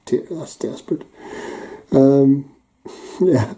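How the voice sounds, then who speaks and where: An older man with a Northern Irish Belfast accent, chatting casually as a YouTube host while reading out local phrases, chuckling often and filling pauses with ums and uhs. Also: mid-range voice, vocal fry, mellow, rough recording. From Northern Ireland.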